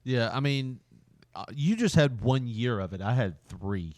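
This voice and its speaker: A man's voice: mid-range voice, lively intonation, darkish tone, dry recording. A man co-hosting a podcast, telling a long, rambling personal anecdote in casual chat and laughing often as he goes. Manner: rambling, drawn-out anecdote told with frequent laughter. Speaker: podcast co-host.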